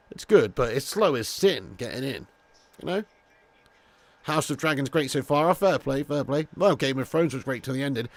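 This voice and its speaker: Chatty lad hosting a football stream. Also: male voice, medium pitch, no room sound. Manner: casual, laddish, swears freely, calls viewers mate and lad; gets loud and excited calling goals. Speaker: football watch-along host. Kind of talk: live streamed football commentary and chat.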